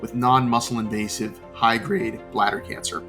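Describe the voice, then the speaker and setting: A man's voice: medium pitch, steady tone, normal speed, fairly bright tone, soft background music. A middle-aged man from Florida telling his story in an interview, earnest and often repeating words as he searches for them. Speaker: cancer patient interviewee.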